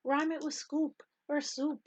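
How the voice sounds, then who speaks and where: A woman's voice: sits high, little pitch movement, a little slow. A middle-aged woman telling a rambling testimony in casual talk, with many ums and frequent laughter. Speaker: Bible study host and teacher.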